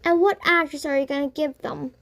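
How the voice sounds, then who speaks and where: A woman reading the part of an emotional, soft-hearted young girl in a children's story. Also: high-pitched, fairly even intonation, brisk, creaky. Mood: eager.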